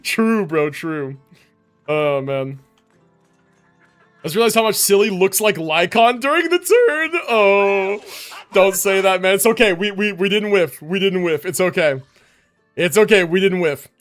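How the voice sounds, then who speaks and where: Excitable high-voiced young man streaming. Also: unhurried, faint music behind. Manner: excitable, hype, laughs a lot, swears casually. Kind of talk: casual livestream commentary.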